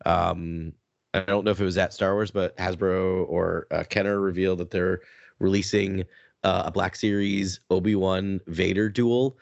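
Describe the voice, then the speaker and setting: A man co-hosting a podcast, chatting excitedly and rambling with lots of fillers. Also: deep voice, moderate pace, creaky, dry recording, muffled recording. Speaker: podcast co-host. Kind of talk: casual fan chat.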